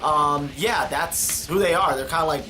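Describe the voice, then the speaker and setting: A man's voice: on the high side, normal speed, sharp tone, faint music behind. A man voicing an unsure male record store clerk who talks in a hesitant, vague way.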